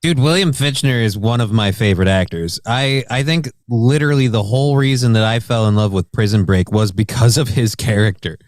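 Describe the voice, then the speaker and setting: Brief: male co-host, mid pitch, relaxed conversational delivery, dry sound. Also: fairly quick, hardly any pauses, dry recording. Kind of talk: casual chat.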